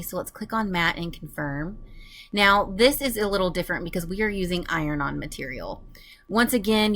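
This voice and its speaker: A woman talks the listener through a craft software screen one step at a time. Her delivery is calm and methodical, with a slightly low pitch. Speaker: tutorial narrator. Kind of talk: software walkthrough voice-over.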